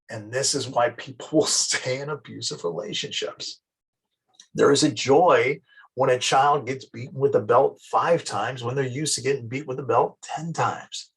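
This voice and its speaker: A male teacher lectures casually on psychology, and his voice is husky with a breathy grain. He talks in a loose, anecdotal way, slipping into quick acted-out examples. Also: medium pitch, fairly bright tone, low-quality recording. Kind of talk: classroom lecture.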